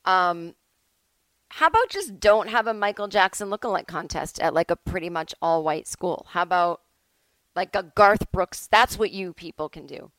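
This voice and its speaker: A woman's voice: fairly low pitch, lively intonation, normal speed, fairly bright tone, no echo, low-quality recording. Woman rambling through a solo podcast at home, chatty, keeps cutting herself off, dry close sound. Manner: rambling, chatty, self-interrupting. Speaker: podcast host. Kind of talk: casual solo podcast monologue.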